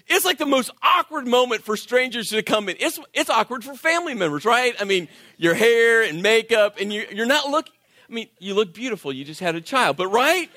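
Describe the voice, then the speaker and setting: A man preaching a sermon, telling stories with acted-out voices and sinking to quiet intensity. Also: high voice, no echo, studio quality. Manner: animated storytelling, acts out voices, drops to quiet intensity. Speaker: pastor.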